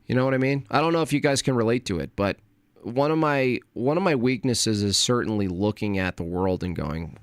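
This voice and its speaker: Male streamer, mid-pitched voice, dry room sound. Rambling, profane late-night rant. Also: animated, fairly quick, no echo. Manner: rambling, profane, trailing off into mutters. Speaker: livestream host.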